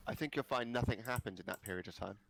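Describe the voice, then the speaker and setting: A man's voice: mid-range voice, quick pace, creaky, a crowd in the background. A man with a laid-back, wry way of talking, chatting casually during a game stream. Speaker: gaming stream guest. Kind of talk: casual banter while playing.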